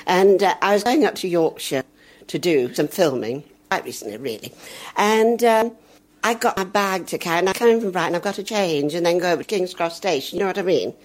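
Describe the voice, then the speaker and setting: Lively older woman. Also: fairly low pitch, brisk. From northern England. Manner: chatty, self-mocking, lively storytelling. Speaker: veteran actress. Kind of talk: comic anecdote.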